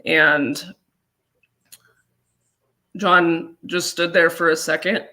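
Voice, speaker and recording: A woman from Colorado telling a personal story as an interview guest, halting and earnest, with many fillers. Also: lowish voice, fairly even intonation, bright, forceful tone. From Colorado, USA.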